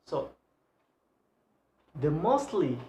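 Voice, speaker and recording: A young woman with an Indonesian accent, a student presenting a lesson on English word stress, halting and repeating example words over and over. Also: sits low, big pitch swings, mellow. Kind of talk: slow read-aloud lesson on word stress. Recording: echoey room.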